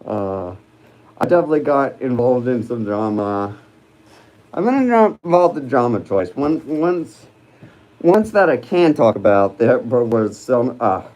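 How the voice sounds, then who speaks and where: A man hosting a relaxed livestream, his voice mellow and soft-edged. He wanders from thought to thought, stopping and restarting with plenty of ums while he answers the live chat. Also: medium pitch, dull audio. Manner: rambling and hesitant, many fillers and restarts; chats with viewers while reading live comments. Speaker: livestream host.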